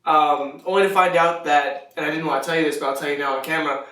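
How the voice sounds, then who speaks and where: Casting: man podcast co-host, rambling joker, slightly high voice, roomy distant sound. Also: fairly even intonation, fast talker, pushed and bright. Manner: joking, rambling, laughs often. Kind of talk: casual chat. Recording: echoey room, mic at a distance.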